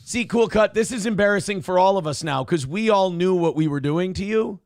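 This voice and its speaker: A man hosting a live show, reading chat donations in a loud, joking manner with sudden shouts and low asides. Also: expressive, brisk, dry recording, studio quality. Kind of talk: casual livestream chat.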